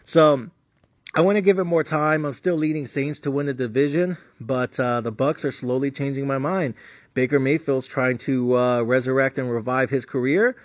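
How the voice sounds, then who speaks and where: A man's voice: mid-range voice, normal speed, no echo, dull audio. A man giving sports betting picks in a casual monologue, ranting with frequent swearing and filler words. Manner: profane, frustrated ranting with many fillers.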